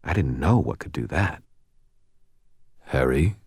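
A male audiobook narrator with an extremely deep voice. He tells the story in a dry, first-person way. The recording is dry and close with no room sound. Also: normal speed, a little mellow, no room sound. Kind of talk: scripted narration.

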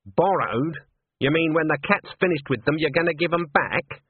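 A man voicing a stern, sharp-tongued old witch who speaks coldly and curtly. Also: a little high, moderate pace, breathy edge, dry recording, pitched above the performer's own voice. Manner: cold and clipped. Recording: dry, tinny phone-like sound.

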